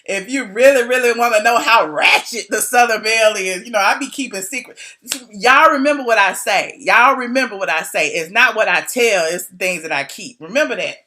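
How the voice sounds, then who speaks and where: A woman's voice: mid-range voice, brisk, pushed and bright. A woman blogger spilling gossip in a casual live stream, talking animatedly with slangy asides into her phone camera.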